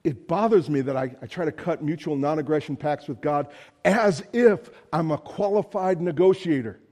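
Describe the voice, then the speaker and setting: A man's voice: on the high side, moderate pace, a little mellow. A man preaching a sermon in a conversational, storytelling way, with casual asides. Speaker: pastor.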